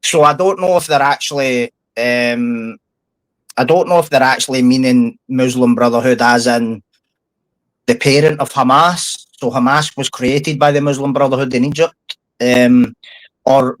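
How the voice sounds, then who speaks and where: A man's voice: medium pitch, fairly even intonation, moderate pace, no room sound, low-quality recording. Scottish guy ranting on a podcast, sweary and blunt, dry close sound. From Scotland. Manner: blunt, sweary, heated storytelling. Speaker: podcast guest, former prisoner. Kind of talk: casual podcast chat.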